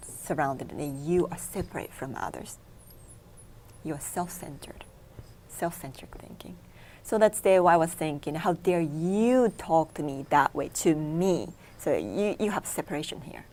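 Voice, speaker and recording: A Japanese-native meditation instructor is interviewed in a local TV studio, explaining in numbered steps using simple English with non-native grammar. Her voice sits low with a darkish tone.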